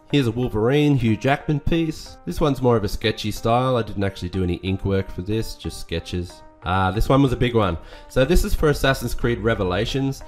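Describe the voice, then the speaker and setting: A man giving casual voice-over commentary on his old artwork, relaxed, self-critical and enthusiastic. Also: on the low side. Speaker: artist reviewing his old work.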